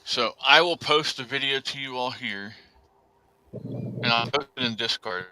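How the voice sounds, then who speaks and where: A man's voice: medium pitch, a little slow, bright, forceful tone, dry recording, low-quality recording. A man hosting a casual podcast chat, rambling with lots of fillers and speaking bluntly. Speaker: podcast host.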